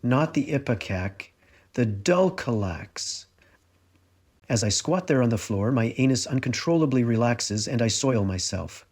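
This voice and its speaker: A man's voice: mid-range voice, animated, a little slow, darkish tone. A middle-aged man reading his own memoir aloud in a wry, confessional first-person telling. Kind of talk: audiobook narration.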